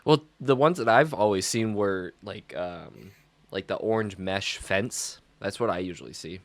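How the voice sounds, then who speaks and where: A man's voice: low voice, a little slow, no room sound. A man who advises students, co-hosting a casual podcast and telling stories with acted-out quotes. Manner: animated storyteller who acts out quotes. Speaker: podcast co-host; school advisor. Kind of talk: casual chat.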